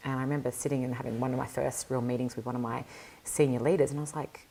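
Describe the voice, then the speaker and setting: A woman with a strikingly deep voice, pitched far below most women's, and a gravelly fry that runs through her words. She talks candidly and reflectively as an interview guest, often pausing on fillers as she gathers her thoughts. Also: little pitch movement, dark tone. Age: adult mother. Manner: reflective, earnest, many fillers. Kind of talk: candid conversational storytelling.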